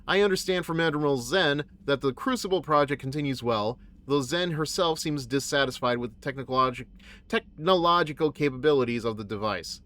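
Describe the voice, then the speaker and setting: A man's voice: a little high, fairly quick, fairly bright tone, close to an everyday voice. A man voicing a formal female alien fleet admiral, reading her message aloud in a stately tone with a made-up accent. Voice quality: odd put-on accent.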